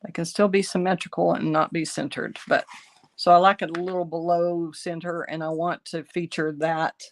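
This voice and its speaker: A middle-aged woman with a fairly low voice, raspy from a lingering bronchitis. She talks casually and chattily, thinking aloud as she walks viewers through a craft project. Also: little pitch movement, moderate pace. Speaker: card-making instructor.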